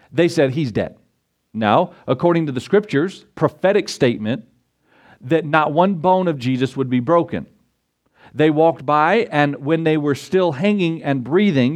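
A man preaching a sermon, animated, acting out Bible scenes with quoted voices. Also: on the high side. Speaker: pastor.

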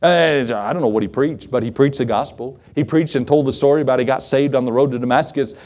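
A middle-aged man preaching a sermon, telling folksy stories with frequent chuckles and big swoops in pitch. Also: quick pace, hardly any pauses. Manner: folksy, chuckling storyteller with lively pitch swings. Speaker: pastor.

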